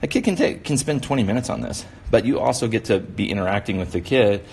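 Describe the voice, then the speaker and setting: Leading a casual drawing demo for kids, this male instructor rambles encouragingly and leans heavily on "you know." His voice is lowish and darkish in tone, with lively intonation and a quick pace, and there's slight background noise.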